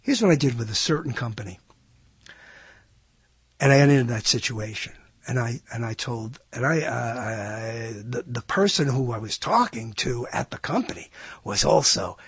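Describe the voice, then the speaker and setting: A man's voice: medium pitch, lively intonation, unhurried, breathy edge, no room sound. A man hosting a radio show, telling a rambling story in a monologue and putting on mock voices for the people in it.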